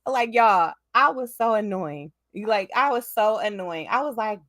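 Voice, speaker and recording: A woman tells a story to her viewers in a casual vlog, her high voice swooping up and down as she laughs and talks to them directly. The sound is close and dry, with no room around it. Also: measured pace, few pauses, no room sound. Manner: animated, laughs often, talks straight to her audience. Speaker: vlogger.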